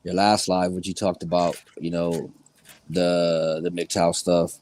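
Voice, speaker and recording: A man speaking as a guest on a livestream panel, relaxed and rambling, full of fillers. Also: deep voice, takes it slowly. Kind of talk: casual chat.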